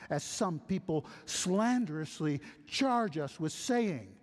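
A man's voice: a little high, takes it slowly. A man preaching an expository sermon, acting out objectors' lines in quotes. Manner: animated, acts out objectors in quotes. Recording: long hall reverb.

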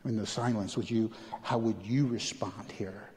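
A male pastor delivering a sermon, moving between quiet questions and animated, urgent pleading. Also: lowish voice, normal speed, in a large hall.

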